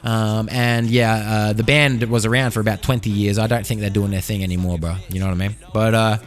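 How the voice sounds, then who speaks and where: A man's voice: fairly low pitch, steady tone, fast talker, soft background music. An Australian man hosting a solo podcast, freestyling a rambling, profane monologue full of slang, close on a studio condenser mic. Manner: rambling, profane, slangy, drifting loud and soft. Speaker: podcast host.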